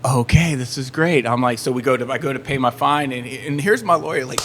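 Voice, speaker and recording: Guest musician, male, lively storyteller who does the voices of people in his tale, faint background noise. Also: mid-range voice, a little fast. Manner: animated storyteller, acts out other people's lines. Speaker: touring band musician, guest. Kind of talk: casual storytelling chat.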